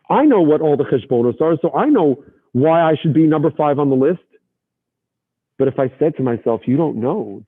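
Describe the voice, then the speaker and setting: A man teaching a Torah lesson as an animated storyteller, sprinkling in Yiddish and Hebrew terms, heard over a tinny line. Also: a little high. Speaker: rabbi teacher.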